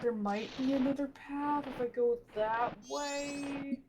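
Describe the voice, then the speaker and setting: A woman game streamer thinking aloud softly as she plays. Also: high voice, fairly even intonation, slow pace, noisy background. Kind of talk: casual gameplay chat.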